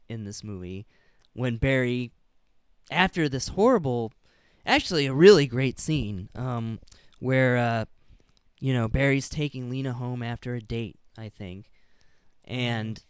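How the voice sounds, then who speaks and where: Man, podcast co-host, smooth clear voice, dry close mic, casual movie chat, laughs and swears. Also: medium pitch, no echo. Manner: laughing, profane, acts out film lines.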